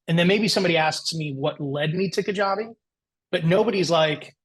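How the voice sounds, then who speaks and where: A man in his forties, a podcast guest, telling his career story in a lively, anecdotal way and acting out the voices he quotes. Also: on the high side, a little fast, slightly rough, poor audio. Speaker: guest entrepreneur.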